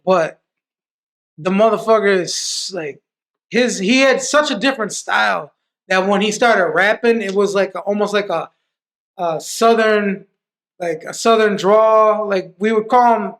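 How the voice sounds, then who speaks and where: A man's voice: high voice, moderate pace, fairly bright tone. A man, a podcast guest, telling stories in a loose, profane way full of restarts. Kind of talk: casual storytelling.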